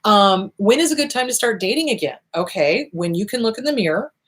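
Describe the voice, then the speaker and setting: A woman's voice: expressive, a little fast. A woman hosting an advice show, answering viewer questions in a blunt, emphatic way, repeating short commands for emphasis. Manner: acts out quoted voices with big pitch swings. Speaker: host answering viewer questions on abuse recovery. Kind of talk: casual advice talk.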